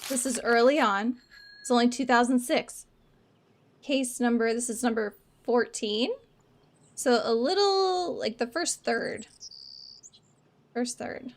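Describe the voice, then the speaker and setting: Jokey higher-voiced woman streamer. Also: takes it slowly, long pauses. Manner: jokey, self-mocking, rambling. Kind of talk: casual game stream commentary.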